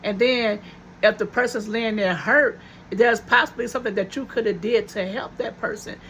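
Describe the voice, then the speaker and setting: A woman's voice: a little high, moderate pace, a bit bright, a little hiss or hum. A woman vlogger telling viewers a personal story in a casual, chatty way, repeating her phrases for emphasis.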